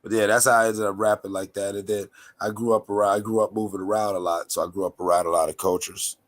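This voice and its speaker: A man from North Carolina with a raspy, nasal voice, chatting casually as a podcast host in a laid-back, rambling, slangy way. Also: fairly low pitch, little pitch movement, fast talker. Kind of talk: casual chat.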